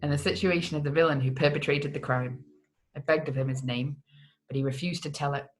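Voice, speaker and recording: A grave, stern nobleman from a gothic tale, as the reader puts him on. His foreign accent wanders in and out, and he speaks with weight and solemnity at an even pitch. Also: fairly quick, natural voice. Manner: put-on foreign accent that keeps slipping. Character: stern nobleman, a man back from prison. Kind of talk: audiobook character voice.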